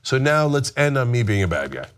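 A man chatting casually on a podcast, telling stories in an animated, self-deprecating way and acting out the quotes. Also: mid-range voice, a little fast.

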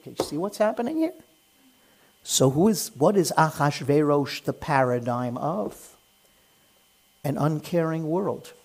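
A man teaching a class on the Book of Esther in a lively lecture, firing rhetorical questions at the room and acting out the characters. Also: fairly high pitch. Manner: animated, fires rhetorical questions at listeners; acts out the characters in quick voices. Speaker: Torah teacher.

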